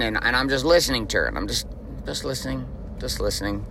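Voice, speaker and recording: A man's voice: medium pitch, fast, gravelly, bright, forceful tone, a little hiss or hum. A man in his forties hosting a motivational podcast, talking bluntly and emphatically, with frequent profanity. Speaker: podcast host.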